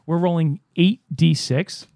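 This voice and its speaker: A man co-hosting a tabletop game podcast, talking in casual banter, animated and mock-exasperated, swearing freely. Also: a little high, unhurried, creaky, dry recording, studio quality. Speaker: podcast co-host and game master.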